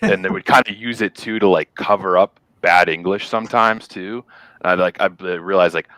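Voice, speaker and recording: A man from the American South in casual podcast chat, halting and restarting his sentences. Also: sits low, pushed and bright, dry recording.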